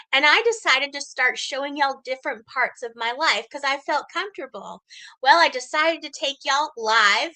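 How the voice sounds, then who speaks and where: Bright high-voiced woman. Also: low-quality recording. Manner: animated, laughing, greets viewers mid-story. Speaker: livestreamer and mystery shopper. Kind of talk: storytelling on a live stream. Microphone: computer or phone mic.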